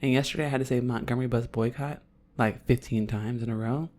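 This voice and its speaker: A woman in her thirties from Oakland with an Oakland accent, co-hosting a podcast in casual banter, her voice hoarse and raspy, playful and blunt. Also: rumbling low, steady tone, fast talker, mellow. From Oakland, California. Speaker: podcast co-host.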